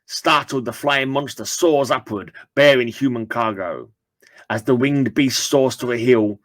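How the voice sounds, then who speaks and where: A man's voice: medium pitch, measured pace, fairly bright tone, no room sound. A man reading an old comic book aloud and dropping chatty asides to his viewers. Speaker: comic book reader and channel host.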